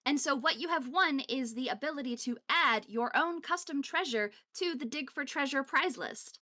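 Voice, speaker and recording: A woman's voice: sits high, normal speed, sharp tone. A woman co-hosting a game stream, friendly and explanatory in casual chat. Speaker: co-host.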